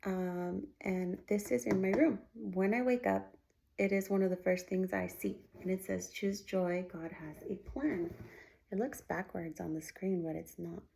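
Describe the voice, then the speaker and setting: A woman's voice: medium pitch, fairly even intonation, normal speed, creaky, warm tone, a little hiss or hum. A woman vlogging about her faith and her family, speaking earnestly, rambling and restarting her sentences, and sometimes dropping to a near-whisper. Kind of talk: heartfelt faith-based personal vlog.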